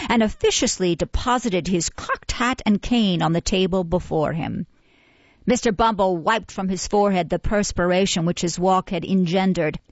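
A woman reading a classic novel aloud in a measured, even storytelling voice. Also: lowish voice, no echo. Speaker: audiobook reader. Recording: dull, muffled, dry recording.

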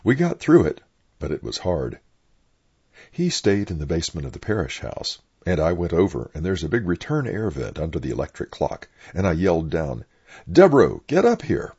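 Gravelly older man telling blunt stories. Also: low voice, big pitch swings, normal speed, darkish tone. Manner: blunt, opinionated storyteller. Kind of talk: oral history reminiscence. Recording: dull lo-fi recording.

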